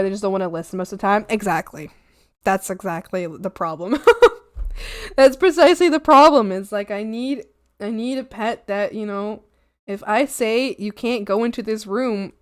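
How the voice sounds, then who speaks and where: A woman's voice: mid-range voice, no room sound, studio quality. A young woman chatting casually on her art stream, gushing and giggly, sliding into baby talk. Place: home streaming setup.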